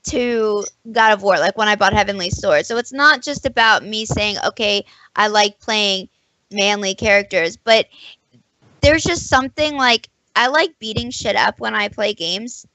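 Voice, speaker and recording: Bright, bubbly young woman telling a story. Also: on the high side, no room sound, poor audio. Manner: animated storytelling, acts out both sides of conversations, quick restarts. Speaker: podcast co-host. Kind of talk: casual chat.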